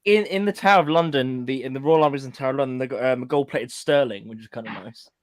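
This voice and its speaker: A man's voice: medium pitch, quick pace. A man joking and laughing in casual chat on a voice call.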